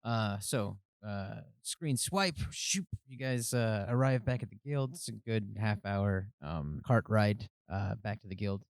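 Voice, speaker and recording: A man narrating as game master of a tabletop game, relaxed and chatty with many fillers. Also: fairly low pitch, unhurried, gravelly, few pauses, smooth, dry recording.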